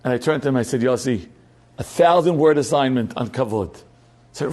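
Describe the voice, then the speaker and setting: A middle-aged man giving a Torah class as a rabbi, telling a story with loud emphatic peaks and quiet asides. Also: medium pitch, quick pace.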